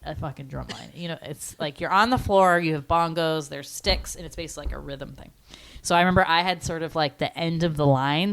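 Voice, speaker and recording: Low-voiced woman telling rambling stories. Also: clean tone, no echo. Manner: rambling, swears casually, many "like" fillers. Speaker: podcast co-host. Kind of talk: casual chat, storytelling.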